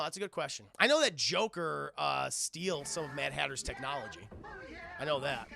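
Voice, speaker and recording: A man giving excitable, profane live-stream commentary while talking to his chat. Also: fairly high pitch, normal speed, creaky. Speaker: streamer and show reviewer.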